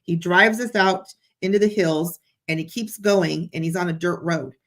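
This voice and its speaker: A woman chatting as a guest, telling a story in an excited, animated way. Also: on the low side, moderate pace. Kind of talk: casual chat.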